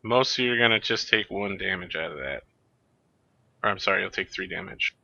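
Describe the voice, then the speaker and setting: A man's voice: sits low, brisk, creaky, pushed and bright, lo-fi sound. A man narrating as game master of a tabletop game, giving matter-of-fact rulings.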